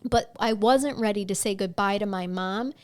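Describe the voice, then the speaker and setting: A woman's voice: medium pitch, moderate pace. A woman in her forties co-hosting a podcast, telling stories in casual chat and laughing often. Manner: chatty storyteller, laughs often. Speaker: podcast co-host.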